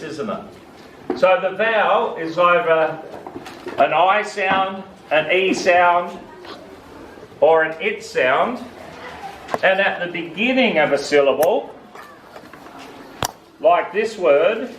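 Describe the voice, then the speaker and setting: A man's voice: high voice, slow pace, pauses often. A man teaching phonics to a student, patiently explaining vowel sounds and asking questions. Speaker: reading teacher. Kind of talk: classroom phonics lesson. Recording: echoey room, from a distance, faint hiss.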